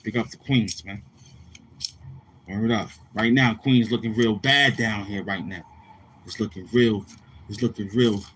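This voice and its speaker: A man with a New York accent talking casually to camera as a vlogger, slangy and rambling, repeating tag phrases. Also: on the low side. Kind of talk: casual street talk to camera.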